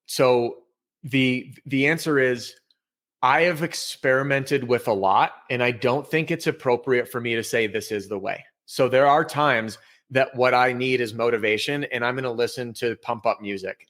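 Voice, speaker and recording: A man, a sales trainer and author, talking in a casual interview, energetic and candid as he tells stories from his work. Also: medium pitch, moderate pace. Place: home office with bookshelf.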